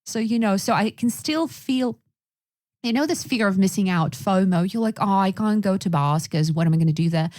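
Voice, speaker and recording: A woman's voice: mid-range voice, a little fast, a little mellow, no room sound, studio quality. A woman from Russia co-hosting a podcast in casual chat, chatty and fond of acting out what people said. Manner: chatty, acts out quoted lines. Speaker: podcast co-host.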